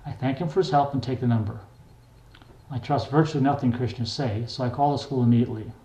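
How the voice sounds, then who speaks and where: Mellow-voiced older man reading his memoir. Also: mid-range voice. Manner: plain, wry, unhurried. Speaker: memoir reader. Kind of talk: memoir narration. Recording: echoey room.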